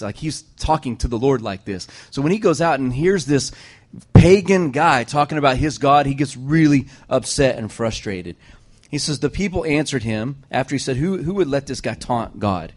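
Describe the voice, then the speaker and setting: A man preaching to a congregation, retelling a scripture story with lively joking asides. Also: mid-range voice, normal speed.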